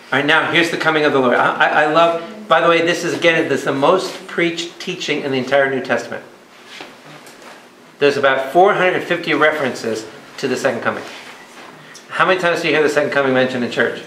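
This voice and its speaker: A man, a priest leading a Bible study, teaching in a lively way, asking the audience questions and acting out the people he quotes. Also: fairly high pitch, a little hiss or hum. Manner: animated, asks the audience questions, plays out quoted voices. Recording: echoey hall with live audience. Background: audience murmurs and responses.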